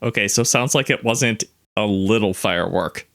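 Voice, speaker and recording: A man's voice: fairly low pitch, normal speed, a bit bright. A young adult man co-hosting a podcast, reacting to stories with wry, questioning comments. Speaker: podcast co-host. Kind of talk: casual chat.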